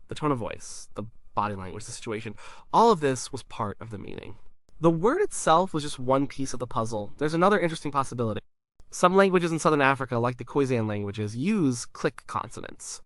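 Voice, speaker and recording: A male narrator reads a scripted educational explainer at a measured pace, calmly sounding out syllables as examples. His pitch is ordinary and middle, and the recording is dry and close with no room sound.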